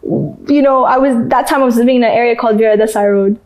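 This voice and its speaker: Young woman from Canada, interview guest; emotional, animated storyteller with a slightly high voice. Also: fast, hardly any pauses. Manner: animated, acts out voices and laughs while telling.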